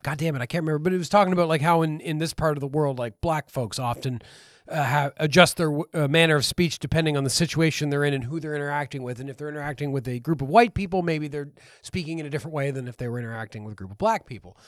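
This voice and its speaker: A man's voice: fairly high pitch, fast talker, dry recording, studio quality. A man with a Maritime Canadian accent, co-hosting a casual podcast about a film, thoughtful and rambling. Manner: thoughtful, rambling, searching for words. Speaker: podcast co-host.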